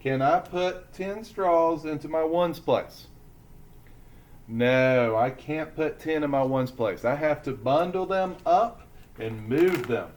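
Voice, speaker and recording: A man teaching a lesson to young children, speaking slowly and deliberately as he sounds out letters and syllables. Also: on the high side, darkish tone.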